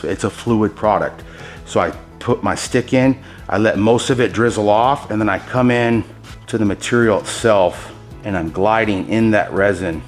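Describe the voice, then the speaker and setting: Man, tutorial host, enthusiastic, exclaiming, giving pro tips, medium pitch, soft background music. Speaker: host demonstrating epoxy countertop techniques. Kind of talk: hands-on tutorial talking to viewers.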